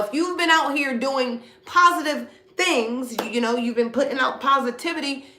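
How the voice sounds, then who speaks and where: A woman's voice: fairly high pitch, creaky, fairly bright tone, echoey room, a little hiss or hum. A middle-aged woman giving a casual spiritual reading to viewers, blunt and preachy, with slang and swearing. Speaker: spiritual reader.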